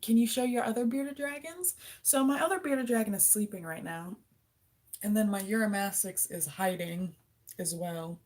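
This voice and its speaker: A woman's voice: mid-range voice, normal speed, darkish tone. A young woman hosting a casual livestream, answering viewer questions and cooing affectionately to her pet lizard. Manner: chatty, coos baby talk to her lizard. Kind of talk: casual live-stream chat.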